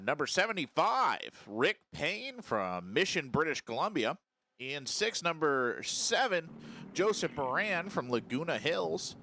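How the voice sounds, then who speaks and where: A man commenting live on a sports car race, reading the grid in a steady rhythm and joking with his co-host. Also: medium pitch.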